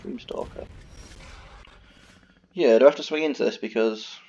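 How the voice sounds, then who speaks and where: A man's voice: medium pitch, normal speed, darkish tone. A man casually commentating on his own card game, muttering and swearing when annoyed. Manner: swearing, exasperated ranting. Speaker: gaming video host. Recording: dull lo-fi recording.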